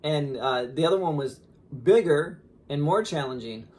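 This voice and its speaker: A man in his thirties, a father, telling a story casually on a podcast in an animated way with lots of fillers. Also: a little high, moderate pace. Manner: animated, laughing, lots of fillers and quoted asides.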